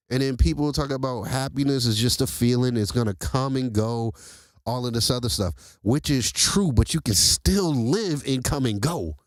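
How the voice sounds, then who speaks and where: A man hosting a casual motivational talk, who speaks straight to his listeners in a lively, preachy way. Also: medium pitch, no echo. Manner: animated, preachy, addresses listeners directly as y'all. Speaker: host.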